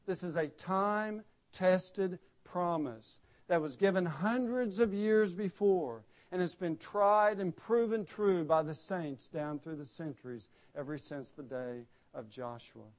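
A man delivering a sermon in a fairly high voice. He builds to loud, emphatic peaks and then sinks into quiet, solemn low phrases. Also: a little slow, few pauses. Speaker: preacher.

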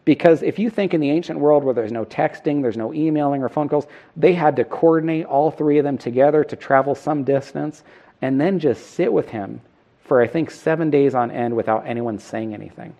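A man's voice: on the high side, brisk, dark tone, highs cut off. A middle-aged man preaching a sermon, earnest and self-deprecating, putting questions to the congregation. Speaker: pastor.

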